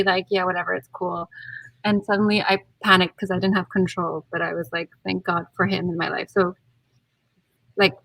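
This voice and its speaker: A young woman, a bride-to-be, chatting casually on a video call and acting out her own quotes with lively swings. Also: mid-range voice, no echo, low-quality recording. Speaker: guest, bride-to-be. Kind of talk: casual chat.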